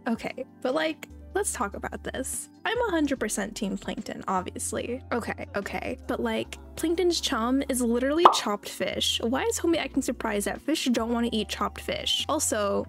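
A woman's voice: high-pitched, lively intonation, moderate pace, hardly any pauses, fairly bright tone. A young woman narrating a horror comic story, breaking off for casual, slangy commentary. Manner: casual, chatty asides with slang. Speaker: YouTube narrator. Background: faint background music.

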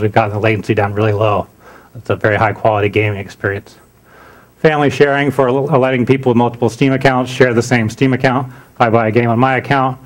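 A man giving a conference talk, relaxed, with frequent "uh" fillers and restarts. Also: lowish voice. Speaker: conference speaker. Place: conference room.

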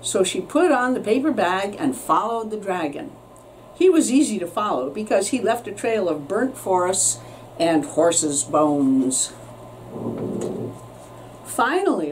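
A woman teacher reading a children's story aloud with expressive storytelling, recorded with a distant mic and faint noise. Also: medium pitch, unhurried.

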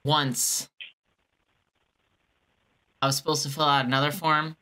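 A woman's voice: sits low, little pitch movement, unhurried, bright, forceful tone. A woman baiting a phone scammer, sarcastic and teasing while she plays dumb. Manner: sarcastic, teasing, mock-naive. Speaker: scam baiter. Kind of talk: prank call with a scammer.

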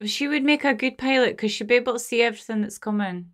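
Give me a woman reacting to a film and shouting at the screen, with soundtrack music underneath. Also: fairly high pitch, fast talker. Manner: emotional, exclaiming, talks back to the screen. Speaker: movie reaction host. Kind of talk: casual movie reaction. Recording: film soundtrack playing behind her.

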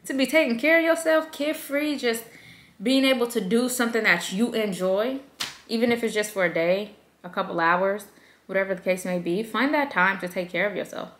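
A woman in her thirties giving self-care advice to moms in a lively, conversational vlog. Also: mid-range voice, normal speed, slight background noise. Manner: lively and conversational, acts out quoted voices. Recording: echoey room.

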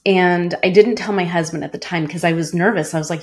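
A woman's voice: fairly low pitch, a little fast, a little mellow. A woman in her forties, a former cancer doctor, earnestly telling a personal story in an interview, with many "like" fillers.

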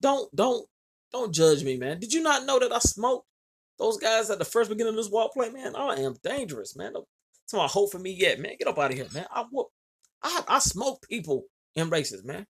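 A man's voice: sits high, very animated, moderate pace, a bit bright, husky. A man hosting a gaming channel, giving boastful, hyped let's-play commentary, swearing and calling out to his viewers.

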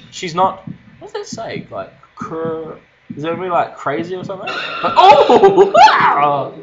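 A man's voice: a little high, huge pitch swings, normal speed, background noise. Jumpy young man yelping through a horror game. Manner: jumpy, laughing, swearing, yelps when startled. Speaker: gamer playing a horror game. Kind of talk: casual let's-play commentary. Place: dark room at home, late at night. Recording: dull lo-fi game recording with loud game music.

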